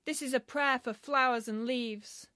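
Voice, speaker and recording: A woman with a bright, high voice recites a poem in a slow, grave and measured way. The recording is close and dry, with no room sound. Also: steady tone, dry recording. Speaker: poetry reader. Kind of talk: solemn poetry reading.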